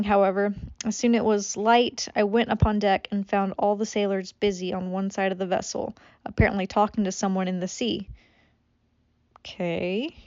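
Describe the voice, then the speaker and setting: A woman's voice: mid-range voice, a little mellow, no room sound, dull audio. A woman reading a classic novel aloud as an amateur audiobook, stumbling over words and breaking off for swearing asides. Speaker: audiobook reader.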